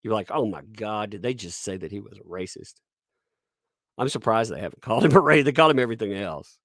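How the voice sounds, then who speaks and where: A man's voice: lively intonation, fast talker, fairly bright tone, no room sound, clean studio sound. A man hosting a live stream, commentating sarcastically, reading chat and laughing often. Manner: puts on squeaky mocking voices when quoting people.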